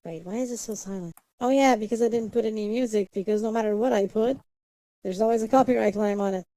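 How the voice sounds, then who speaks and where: Her voice is warm and medium-pitched, and she talks at a quick pace on a dry, rough recording. This woman livestreamer keeps up casual chatter, muttering to herself as she sets things up and humming and singing nonsense syllables.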